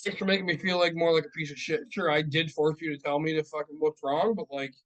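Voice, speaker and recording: A man's voice: on the high side, steady tone, fast talker, fairly bright tone, highs cut off. Heated, profane man ranting. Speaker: podcast co-host. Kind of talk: casual chat. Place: podcast studio.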